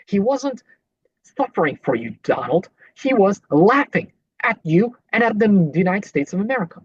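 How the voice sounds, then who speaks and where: A podcast host fires back at clips with indignant, sarcastic rebuttals as political commentary. His husky, medium-pitched voice is very animated at a normal speed, and the recording is dull, lo-fi and dry with no room sound at all.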